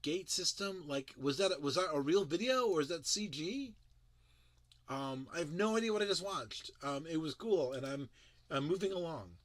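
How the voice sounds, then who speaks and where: A man's voice: fairly high pitch, animated, normal speed, no room sound. A man giving casual, critical commentary as a tech show reviewer, emphatic and sarcastic, with frequent restarts.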